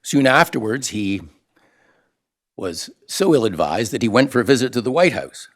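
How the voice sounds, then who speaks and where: A man's voice: mid-range voice, sing-song, normal speed, a bit bright. A man from Canada, older, heading a think tank and giving a formal launch speech to an audience, with dry wit and frequent "uh" fillers. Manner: dry wit, many uh fillers, quoted lines acted out. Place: event room with an audience.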